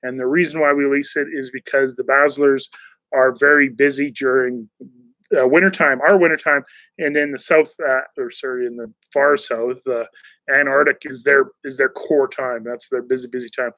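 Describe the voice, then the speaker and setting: A man's voice: medium pitch, steady tone, normal speed, pushed and bright, no room sound, low-quality recording. A man hosting a casual live-stream chat, reading viewer messages aloud and answering them in a rambling way, with many fillers and restarts.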